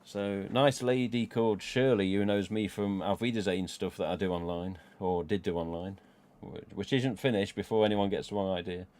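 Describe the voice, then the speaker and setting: A middle-aged man with a Midlands accent hosts a relaxed live stream, rambling from one thought to the next. His voice sits a little low, and he swears casually and chuckles to himself as he talks. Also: moderate pace, few pauses, a little hiss or hum. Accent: English Midlands. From England. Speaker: livestream host.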